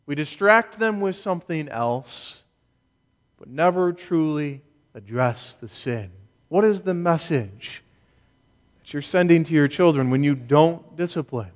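A man preaching a sermon as a pastor, earnest and emphatic, with deliberate pauses. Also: on the high side, lively intonation, long reverb tail.

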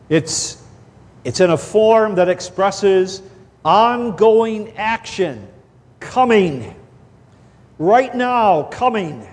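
Slow, high-voiced preacher in a reverberant hall. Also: male voice, expressive. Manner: slow, deliberate, emphatic phrasing with repeated words. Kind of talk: expository sermon.

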